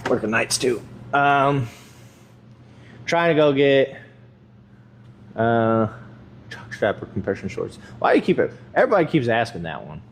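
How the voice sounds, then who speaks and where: A man's voice: medium pitch, big pitch swings, a little slow, pauses often, slight background noise. A young man chatting casually while working out in a gym, rambling and swearing freely with a self-mocking edge. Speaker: vlogger.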